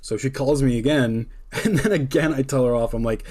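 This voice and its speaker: A man's voice: medium pitch, brisk, a little mellow. Chatty young man telling a story. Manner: chatty, heavy use of "like", laughs between lines. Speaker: podcast host. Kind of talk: casual storytelling.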